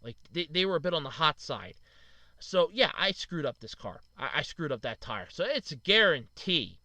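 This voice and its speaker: A man's voice: a little high, sing-song, moderate pace, sharp tone, no echo. A man in his thirties hosting a casual solo podcast, venting in frustration and blaming himself, with lots of "uh". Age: 30s. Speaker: podcast host.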